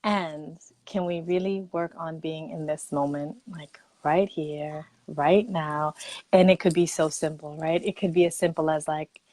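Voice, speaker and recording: Lively woman telling a story. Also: low voice, unhurried, dry recording. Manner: animated storyteller, acts out own quotes, laughs easily. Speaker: guest expert. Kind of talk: casual livestream chat.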